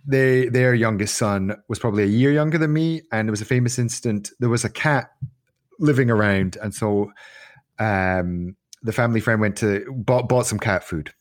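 A man's voice: fairly low pitch, moderate pace. A man co-hosting a casual podcast, joking, swearing and acting out voices as he tells stories. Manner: swearing, jokey, acts out voices in his stories. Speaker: podcast co-host. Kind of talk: casual chat.

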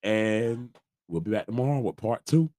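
A man's voice: on the low side, expressive, moderate pace, mellow. A congested man co-hosting a casual album review chat, talking in laid-back slang and trailing off. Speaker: podcast co-host.

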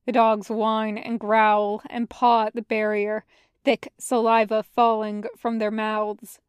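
A woman reading a fan fiction story aloud as a podfic, in a measured storytelling way. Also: on the high side, monotone, clean tone, no room sound, dull audio. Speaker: podfic reader. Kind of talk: audiobook narration of fan fiction.

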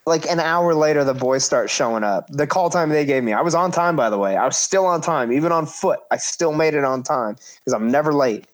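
A man's voice: fairly high pitch, expressive, a little fast, few pauses. A man in his thirties casually telling a story about his wrestling career, acting out quoted voices and swearing freely.

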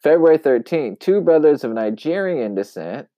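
A man giving casual commentary in an emphatic, wry way, with long pauses, on a dull, dry lo-fi recording. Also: on the high side, big pitch swings, no room sound. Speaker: commentary vlogger.

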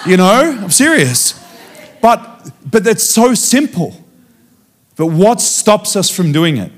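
Man, guest preacher, animated testimony, slightly high voice, acts out dialogue. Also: slow. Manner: animated storytelling, acting out dialogue with frequent restarts. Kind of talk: sermon with personal testimony.

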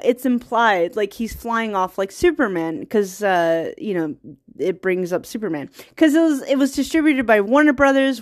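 A young woman eagerly retelling a film's plot in casual, rambling talk, laughing often and getting teary. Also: on the high side. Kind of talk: casual movie recap.

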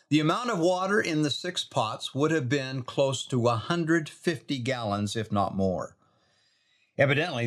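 Man, devotional storyteller, earnest, medium pitch, slows down for scripture quotes. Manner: earnest, reads scripture quotes aloud slowly.

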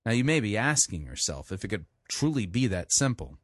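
A man's voice: sing-song, brisk, dry recording, clean studio sound. A man hosting a podcast, delivering a sarcastic monologue styled like an infomercial, emphatic and list-driven. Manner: mock sales-pitch delivery, emphatic lists. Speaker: podcast host.

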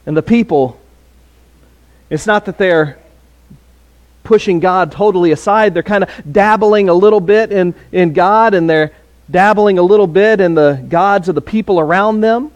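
A man's voice: sits high, normal speed, dull audio. A man preaching a sermon in a conversational way, with fillers and restarts.

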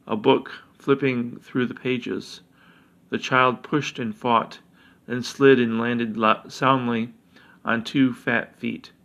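A man reading a fantasy story aloud in steady, deliberate narration. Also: medium pitch.

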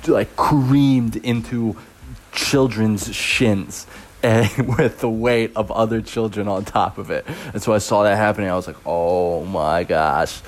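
A young man hosting a podcast, telling stories from his teaching job in a rambling, laughing way, full of fillers. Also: fairly low pitch. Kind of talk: casual storytelling podcast.

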